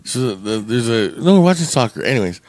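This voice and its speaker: A man's voice: mid-range voice, sing-song, brisk, darkish tone, no room sound. A man co-hosting a podcast, telling a long rambling story in casual, profane chat with frequent laughs. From Canada. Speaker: podcast co-host.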